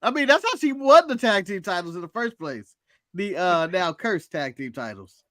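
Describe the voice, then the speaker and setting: An American man co-hosting a podcast, chatting casually about wrestling, laughing often and slipping into quick playful mock voices. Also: high-pitched, sing-song, a bit bright, no room sound, studio quality. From United States. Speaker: podcast co-host. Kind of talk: casual wrestling recap chat.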